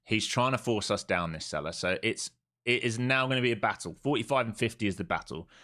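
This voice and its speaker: A man with a very deep voice talks through trades live on stream. He is casual and blunt, thinks out loud, repeats key points and swears freely. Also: a little fast. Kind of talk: live market commentary.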